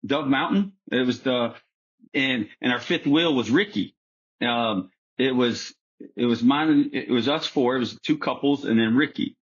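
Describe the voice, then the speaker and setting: A man's voice: medium pitch, measured pace, husky. A man chatting as a podcast guest, telling stories in a rambling way with many restarts and fillers. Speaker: guest golfer. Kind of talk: casual storytelling chat. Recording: slightly muffled lo-fi recording.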